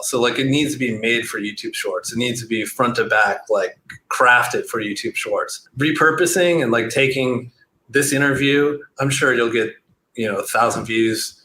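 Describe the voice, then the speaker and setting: Bright-voiced man in a roomy space. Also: mid-range voice. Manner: relaxed, rambling with frequent "like" fillers. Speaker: guest, SEO entrepreneur. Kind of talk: casual interview chat. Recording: roomy echo with faint noise.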